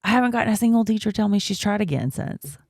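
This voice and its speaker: Woman, 30s, podcast co-host, gravelly voice, dry close sound, chatty storyteller. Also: medium pitch, animated, fast, a little mellow, dry recording. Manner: storytelling, laughs often, many fillers. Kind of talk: casual chat.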